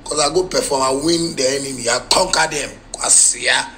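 Forceful, ranting Ghanaian man. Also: medium pitch, moderate pace, slight background noise, poor audio. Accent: Ghanaian Pidgin English. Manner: heated, confrontational ranting. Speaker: musician. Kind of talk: live video rant.

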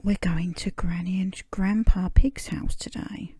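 A woman voicing a sleepy, calm mother pig in a breathy whispered role-play from a storybook. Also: on the low side, a little slow, no echo, full character voice.

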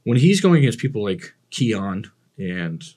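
A male bodybuilding coach with a husky, lowish voice. He talks bluntly and with enthusiasm, and he swears freely. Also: sing-song, a little slow, a little mellow. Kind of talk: casual podcast conversation.

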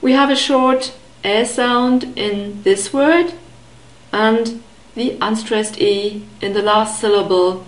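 Slow, careful woman teaching pronunciation. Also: a little high, steady tone, roomy sound, rough recording. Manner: careful, deliberate enunciation with repeated model words. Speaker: language teacher.

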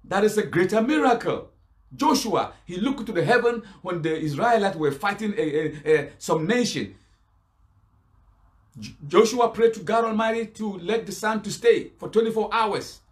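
High-voiced man preaching with rhetorical questions. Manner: argumentative, fires rhetorical questions and answers them. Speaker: Islamic preacher. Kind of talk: preaching rebuttal to a lecture crowd.

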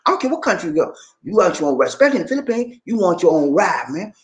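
Man, casual vlogger, slangy and playful, very lively pitch. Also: racing. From USA. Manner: loose, joking, streetwise slang, laughs often. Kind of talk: casual advice monologue.

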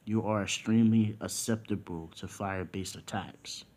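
A man voicing an ancient spirit that grants power, speaking in slow solemn pronouncements. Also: lowish voice, steady tone, darkish tone, close to an everyday voice.

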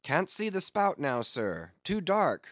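A man playing a lookout sailor calling down from high in the rigging, his voice pitched up and raised. The reading stays slow and dry, close to the mic. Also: huge pitch swings, no room sound, lo-fi sound, full character voice.

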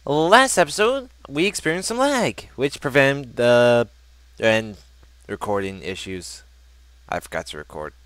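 Brief: young male let's-player, lively up-and-down pitch, joking and chatty. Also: unhurried, no echo. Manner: animated, joking, reads game text aloud. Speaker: gameplay commentator. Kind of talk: casual let's play commentary.

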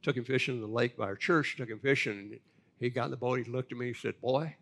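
An older man, a pastor telling folksy stories in a lively, animated way. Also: mid-range voice, fast talker. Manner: animated, folksy storyteller with big laughs. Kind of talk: storytelling sermon talk.

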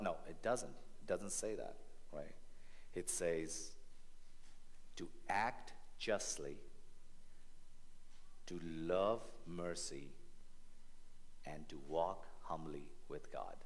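A man preaching a sermon as family pastor in a church, animated and rhetorical, often checking in with the congregation. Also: low voice, slow pace, pauses often.

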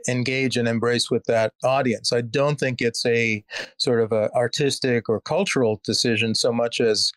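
A man with a Canadian accent, an actor talking as an interview guest, thoughtful and unhurried, with frequent fillers and restarts. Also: mid-range voice, a bit bright, dry recording. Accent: Canadian English. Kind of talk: reflective conversational interview.

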